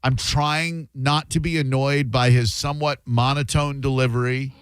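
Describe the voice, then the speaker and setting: A man's voice: medium pitch, steady tone, moderate pace, smooth, no echo. A man hosting a radio talk show, chatting casually with sarcastic asides. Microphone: studio microphone.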